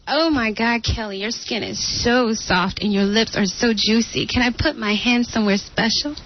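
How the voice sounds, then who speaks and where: A woman reading the part of a flirty seductress in a radio sketch, in a flat read-aloud delivery. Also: a little high, moderate pace, slight background noise, close to an everyday voice. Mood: reading seduction. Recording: dull radio studio sound.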